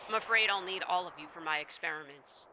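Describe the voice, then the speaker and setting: A smug, menacing scientist villain who gloats over his victims, voiced by a woman in a loud, very bright voice. It sounds like game dialogue read aloud. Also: fairly low pitch, quick pace, a little hiss or hum, voice pushed down, rough recording. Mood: gloating.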